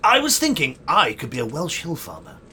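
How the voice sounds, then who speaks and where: Brief: grandiose, combative windbag, wildly swooping delivery, bright edge. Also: male voice, a little high, huge pitch swings, brisk, a little hiss or hum, exaggerated voice. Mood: indignant bluster. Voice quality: theatrical, grandiose, sweary outbursts. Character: pompous, foul-mouthed, combative self-styled great man. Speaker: would-be actor in a sitcom. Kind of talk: sitcom acting.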